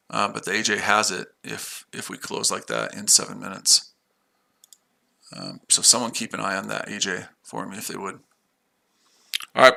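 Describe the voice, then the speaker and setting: A man's voice: fairly low pitch, vocal fry, pushed and bright. A man hosting a live trading stream, talking loosely and offhandedly, with frequent restarts. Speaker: livestream trading host. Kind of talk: casual live-stream chat.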